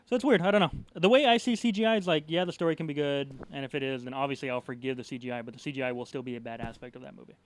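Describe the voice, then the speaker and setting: A man's voice: mid-range voice, a little hiss or hum. A man co-hosting a casual movie podcast, teasing and arguing his points. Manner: quick, teasing, argumentative. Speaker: podcast co-host. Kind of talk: casual chat.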